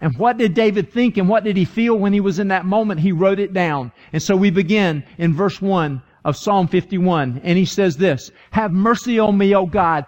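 A man's voice: sits high, animated, normal speed, hardly any pauses. A man preaching a sermon, retelling a story with earnest emphasis that rises to urgent appeals. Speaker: pastor.

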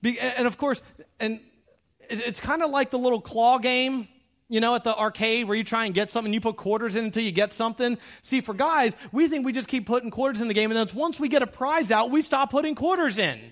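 High-voiced man preaching with humor. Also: fairly quick. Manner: animated, acts out quoted dialogue; humorous, direct address to the audience. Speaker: pastor. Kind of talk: sermon.

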